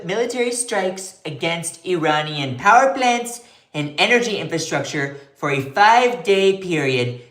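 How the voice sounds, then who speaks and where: A woman doing an impression of a pompous male politician, drawn-out and emphatic, gesturing as she reads. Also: mid-range voice, echoey room, voice pushed up, poor audio. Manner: grandiose, emphatic, drawn-out phrasing, gesturing with hands. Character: pompous male politician reading his own boast.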